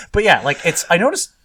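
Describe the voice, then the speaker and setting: A man co-hosting a car podcast in casual chat, relaxed, laughing and swearing now and then. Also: high voice, slight background noise. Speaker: podcast co-host.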